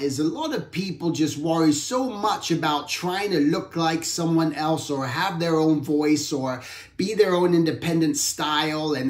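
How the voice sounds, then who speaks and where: A man with a somewhat high voice hosts a relaxed art talk, thinking out loud and often restarting his sentences. The sound is roomy and echoey. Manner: rambling, reflective, self-correcting. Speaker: artist hosting an art talk. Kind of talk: casual talk.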